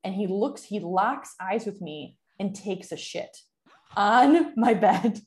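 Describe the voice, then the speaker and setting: A woman's voice: mid-range voice, lively intonation, slow, darkish tone. A young adult woman telling a story in a casual chat, chatty and full of fillers, often laughing.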